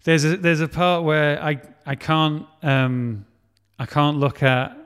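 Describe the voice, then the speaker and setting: A man's voice: fairly high pitch, steady tone, slow, a bit bright, clean tone. A man in casual chat, talking in a chatty, self-mocking way and laughing often. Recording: long hall reverb.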